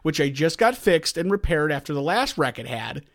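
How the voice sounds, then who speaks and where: A middle-aged man hosting a podcast, telling an exasperated story in casual chat and acting out the yelling. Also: on the high side, normal speed. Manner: animated, exasperated storytelling with yelled reenactments. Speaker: podcast co-host.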